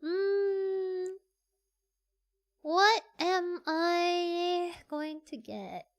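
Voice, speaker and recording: Very high, bright, giggly streamer. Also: extremely slow. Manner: giggly and excitable, squeals. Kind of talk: casual live-stream chat.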